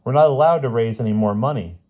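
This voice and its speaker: A man voicing a scheming, energetic teenage schoolboy who sounds urgent and bossy. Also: medium pitch, quick pace, narrow, tinny audio, voice pushed up, lightly acted.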